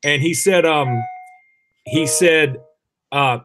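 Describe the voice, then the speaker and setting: A man's voice: on the high side, brisk. A man co-hosting a podcast, telling a funny story in casual chat and acting out the voices of the people in it. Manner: animated, laughing storyteller who acts out voices. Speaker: podcast co-host.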